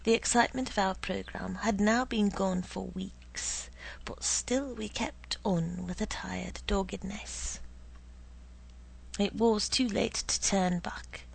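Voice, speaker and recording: A woman narrating a story in a slow, hushed way, often dropping to a whisper. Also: medium pitch, creaky, slightly rough, poor audio.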